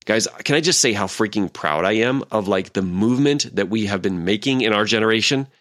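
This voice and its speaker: A man's voice: lowish voice, fairly quick, fairly bright tone. A man in his forties hosting a podcast as a leadership coach, talking casually with many fillers and acted-out quotes. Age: 40s.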